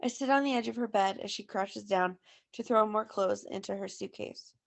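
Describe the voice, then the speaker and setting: A woman teacher reading a first-person novel aloud to a class in a steady storytelling way. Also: mid-range voice, moderate pace, gravelly.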